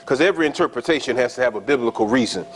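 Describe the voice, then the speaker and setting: A man preaching a sermon, explaining scripture in a conversational way, checking in with his listeners and slowing down to stress the verses. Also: medium pitch. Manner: explains scripture conversationally, often asking the congregation "right?"; reads verses slowly and stresses key words. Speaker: pastor.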